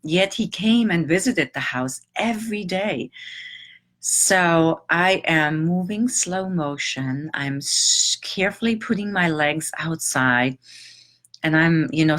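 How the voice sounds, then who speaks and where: A middle-aged woman telling a personal story in a reflective, halting, emotional way, with long pauses. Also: sits low, a bit bright. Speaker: transformational teacher.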